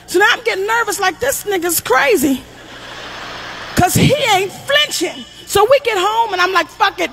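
A middle-aged woman comedian telling a long, loud, profane stand-up story, acting out the people she quotes. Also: very high voice, lively intonation, normal speed, gravelly, slight background noise.

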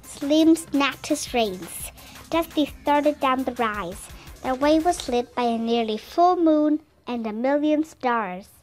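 A woman reading a children's chapter book aloud as a steady, careful narrator. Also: sits high, takes it slowly, soft background music. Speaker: storybook reader. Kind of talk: scripted narration.

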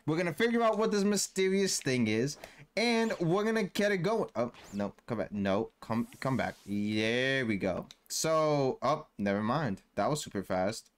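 A young gaming YouTuber with a medium-pitched, sing-song voice talks a little slowly while commenting on the game he's playing. His commentary is relaxed and packed with playful slang, and he puts on character voices for fun.

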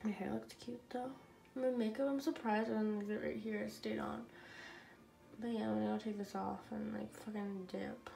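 A woman's voice: medium pitch, level tone, moderate pace, creaky, warm tone, soft background music. A young woman vlogging casually, whiny and complaining, talking with a sore mouth from new braces. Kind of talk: casual vlog talk to camera.

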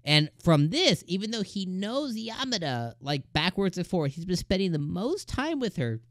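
A man hosting a casual anime episode review, talking in an excited, rambling way with plenty of fillers. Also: high voice, moderate pace, no room sound, studio quality.

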